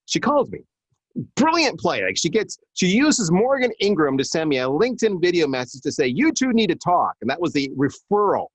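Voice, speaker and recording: A middle-aged man guesting on a podcast, his pitch leaping around as he tells stories. He acts out what people said in his anecdotes. The sound is dry and close. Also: fairly quick, slightly rough, no echo. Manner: animated storyteller who acts out quotes. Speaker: guest, marketing executive. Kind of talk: conversational storytelling on a live podcast.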